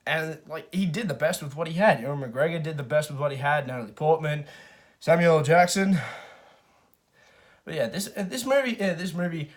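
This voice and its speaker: A man's voice: on the high side, moderate pace. Rambling man reviewing a film. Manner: rambling, many restarts and fillers; frank, swears casually. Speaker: movie reviewer. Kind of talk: casual spoken film review.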